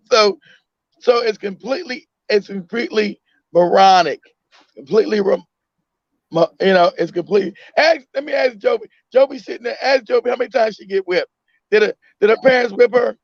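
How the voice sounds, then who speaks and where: Man, high voice, emphatic and repetitive, casual chat; dry, dull lo-fi audio. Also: normal speed, creaky, no echo. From United States. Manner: emphatic, repeats himself, acts out a mother. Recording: dull lo-fi sound.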